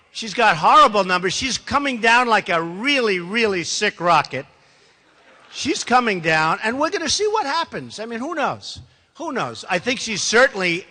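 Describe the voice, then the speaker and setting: A man's voice: sits high, pushed and bright. A man who is a political candidate, giving a campaign speech to a live audience in a large hall, talking emphatically, rambling and repeating himself. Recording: long reverb of a large hall.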